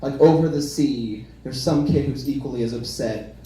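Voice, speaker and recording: A man's voice: mid-range voice, moderate pace, dark tone, slight background noise. A young man from the Midwest, doing wry, self-deprecating stand-up at a small comedy venue. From Kansas, US Midwest. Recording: echoey room, far mic, crowd.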